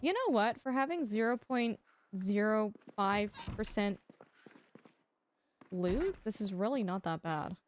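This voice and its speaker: A woman livestreaming a game, chatting casually and teasingly with her viewers, with quiet music behind her. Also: mid-range voice, a little slow, long pauses, slight background noise. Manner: chatty, animated, teasing, talks to chat. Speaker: streamer. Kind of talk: casual livestream chat while gaming.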